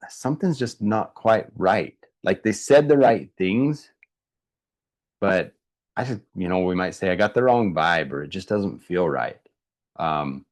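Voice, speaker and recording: A man's voice: low-pitched, darkish tone. A man presenting an online workshop, talking conversationally with many fillers and asking viewers to answer in the chat. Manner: conversational, thinks aloud with fillers and restarts; asks the audience to answer in chat.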